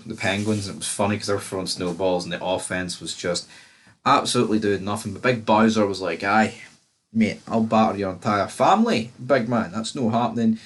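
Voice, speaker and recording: A Scottish man with a fairly low voice talks through a film review in loose, casual chat. He rambles from point to point and swears freely as he goes. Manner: rambling, swears freely, frequent fillers and restarts. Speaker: movie reviewer.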